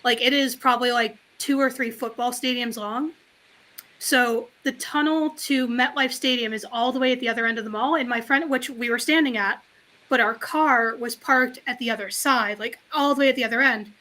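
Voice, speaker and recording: A woman chatting casually on a livestreamed talk show, telling a long story in an animated, frank, rambling way. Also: fairly high pitch, moderate pace. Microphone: livestream call mic.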